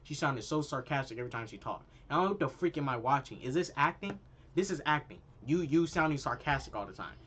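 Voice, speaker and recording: A man in his twenties, a YouTuber ranting in an exasperated, animated way with casual slang while reviewing a movie. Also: mid-range voice, fast talker, few pauses, breathy edge.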